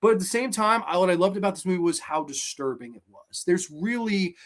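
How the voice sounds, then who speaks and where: A man hosting a horror movie show, retelling a film's plot in an energetic, animated way with fillers. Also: high voice, a little fast. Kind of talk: casual movie review.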